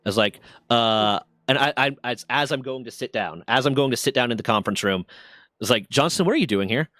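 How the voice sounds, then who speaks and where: A man telling a long story in casual chat, in a dry and close sound. He rambles along with plenty of swearing and stumbling restarts, his pitch sitting in the middle range. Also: brisk, a bit bright, no room sound. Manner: rambling, profane, lots of restarts.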